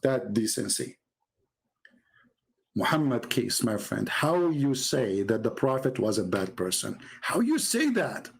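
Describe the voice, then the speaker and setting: A man giving mocking, sarcastic commentary as he reads from a website on screen. He swings from low mutters to sudden high exclamations. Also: measured pace, vocal fry, rough recording. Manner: mocking and sarcastic, with exaggerated mock praise. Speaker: religious debater and commentator.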